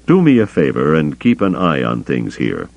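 A man voicing a calm, careful male smuggler leader in an audiobook, deep and gravelly. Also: no room sound, lo-fi sound, full character voice. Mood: curt. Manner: measured, deliberate.

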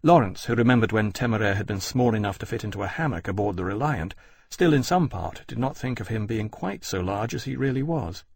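A man narrating an audiobook in a husky voice, measured and steady. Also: lowish voice, no echo, studio quality. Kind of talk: scripted narration.

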